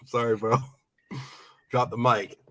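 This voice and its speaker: Playful stream host with a stuffy nose. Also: male voice, mid-range voice, level tone, extremely slow, bright, forceful tone, a little hiss or hum. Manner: playful, hyped, laughs often. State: nasal from a cold. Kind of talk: casual live stream chat.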